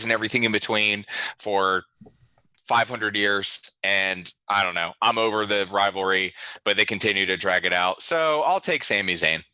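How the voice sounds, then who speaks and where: A man's voice: on the low side, pushed and bright, no room sound, rough recording. A man hosting a casual podcast, blunt and opinionated as he runs through his picks. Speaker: host.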